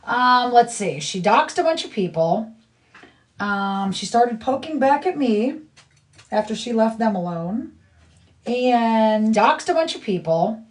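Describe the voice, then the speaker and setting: A woman's voice: a little high, lively intonation, slow pace. Blunt indignant woman ranting on a livestream. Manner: blunt, indignant, talks to her child off to the side. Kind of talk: casual live-stream rant. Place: home living room.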